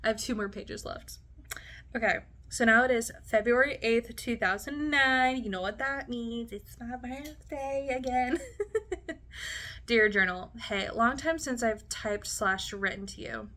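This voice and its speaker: A woman's voice: fairly high pitch, moderate pace, pushed and bright. A woman in her late twenties reading her teenage diary aloud, with chatty, giggly asides between entries. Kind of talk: casual diary reading with commentary.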